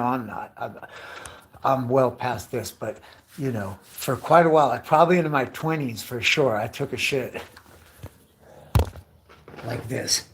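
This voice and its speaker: Profane, rambling fifty-year-old man. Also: medium pitch. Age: 50s. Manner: profane, chatty, full of rhetorical questions; calls listeners dude and bro. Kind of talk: rambling comic monologue.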